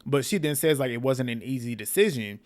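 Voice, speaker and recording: Male YouTube recapper, casual and outspoken, mid-pitched everyday voice. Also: brisk. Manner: blunt, animated, swears and laughs often. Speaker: reality TV recap host.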